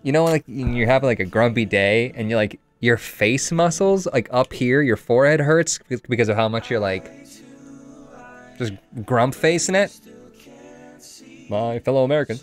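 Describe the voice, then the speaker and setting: A mid-pitched man streams a video game and chats casually with a friend. He rambles loosely and drops swear words into his talk, with faint game music underneath. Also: animated, moderate pace. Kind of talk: casual gameplay chat.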